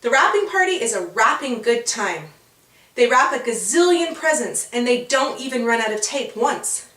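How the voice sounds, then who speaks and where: Expressive woman reading a children's story. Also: fairly high pitch, normal speed, echoey room, recorded from a distance. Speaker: author and storyteller.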